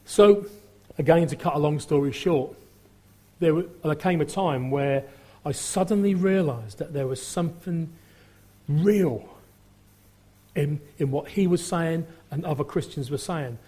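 A middle-aged man shares his testimony in a mellow, husky voice that sits a little high for a man. He rambles with plenty of ums and acts out the voices of people he quotes. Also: measured pace. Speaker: testimony speaker. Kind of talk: personal testimony storytelling.

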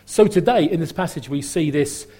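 A man's voice: fairly high pitch, moderate pace, mellow, slightly rough. A middle-aged man from Norfolk with a Norfolk accent, preaching a sermon in a chatty, humorous way, often repeating and restarting his phrases. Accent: Norfolk English. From Norfolk, England.

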